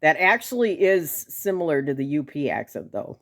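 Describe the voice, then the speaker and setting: A woman's voice: deep voice, big pitch swings, normal speed, a bit bright. A woman from Milwaukee with a Milwaukee accent, chatting casually to camera in a chatty, enthusiastic way with fillers and laughs. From Milwaukee, Wisconsin. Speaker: vlogger.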